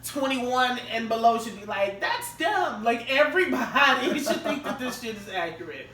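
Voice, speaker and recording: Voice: medium pitch, normal speed, sharp tone, a little hiss or hum. A podcast co-host in casual chat, blunt and emphatic, repeating points for effect. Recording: roomy, distant mic.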